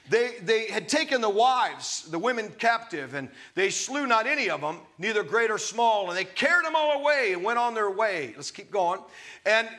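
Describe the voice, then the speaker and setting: Bright, high-pitched emphatic male preacher. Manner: emphatic, conversational asides to the audience. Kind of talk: sermon with scripture reading.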